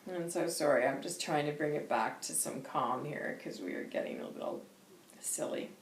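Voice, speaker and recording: A woman's voice: low voice, normal speed, slight background noise. A woman hosting a vlog, telling a story in a chatty way with frequent laughter and lots of relayed quotes. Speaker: intuitive vlog host. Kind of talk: casual storytelling chat. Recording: roomy echo.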